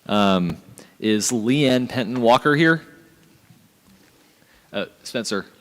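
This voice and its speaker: A man chairs a committee meeting at a medium pitch. He runs through names and procedure with "um"s and "uh"s between them. His voice carries a long echo in a large convention hall. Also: expressive. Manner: procedural, calls out names with filler pauses. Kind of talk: chairing a hearing.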